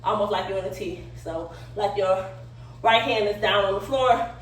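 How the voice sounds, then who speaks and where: A woman's voice: mid-range voice, moderate pace, slight background noise. An out-of-breath woman, chatting casually and laughing often as she demonstrates yoga poses for her vlog. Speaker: vlogger. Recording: very echoey room, somewhat far from the mic.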